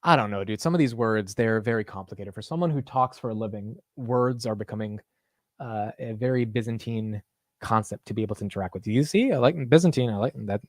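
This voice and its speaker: A man's voice: on the low side, a little fast, dry recording. A man hosting a live market stream, chatting loosely, joking at his own expense and saying "dude" a lot. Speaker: livestream market show host. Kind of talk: casual live-stream chat.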